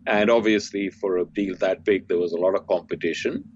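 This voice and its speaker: Older male guest, low voice, lively storyteller, slightly dull recording. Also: a little fast, a little hiss or hum. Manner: animated storyteller, voices characters with big pitch swings. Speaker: podcast guest, teacher. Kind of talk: storytelling in conversation. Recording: dry, slightly dull lo-fi sound.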